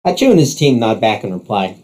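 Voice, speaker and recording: Male narrator for second-person story, steady, warm mellow tone. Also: on the low side, quick pace.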